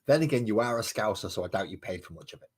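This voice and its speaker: Low husky-voiced man chatting. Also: animated, very fast. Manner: chatty, sarcastic banter with viewers, muttering while painting. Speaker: streamer painting miniatures. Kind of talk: casual live-stream chat.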